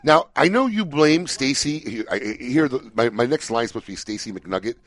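A man's voice: mid-range voice, animated, fairly quick, a bit bright, dry recording. A man co-hosting a talk radio show in a studio, animatedly telling stories and reading news items with asides. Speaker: radio co-host. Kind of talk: casual talk radio banter.

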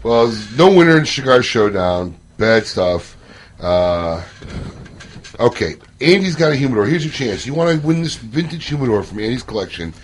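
A man hosts a talk radio show with joking, easygoing banter. His pitch swings widely as he riffs with the others, and his voice sits at a middle pitch. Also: sing-song, normal speed, slight background noise. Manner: joking, laughs often.

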